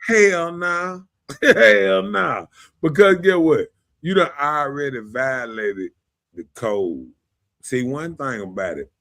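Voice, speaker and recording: A man, hosting a podcast in casual opinion talk, animated, often asking "you know what I'm saying" and laughing. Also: medium pitch. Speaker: podcast host.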